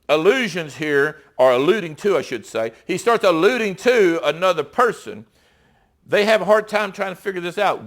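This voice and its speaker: A man preaching a sermon in a conversational way, reading scripture aloud, pausing and correcting himself as he goes. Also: high voice, fairly bright tone.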